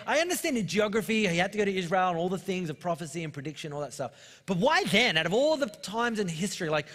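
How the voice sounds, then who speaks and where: A man's voice: high-pitched, fairly bright tone, in a large hall. A man in his thirties with an Australian accent, a pastor giving a conversational, joking sermon full of personal stories. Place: church auditorium.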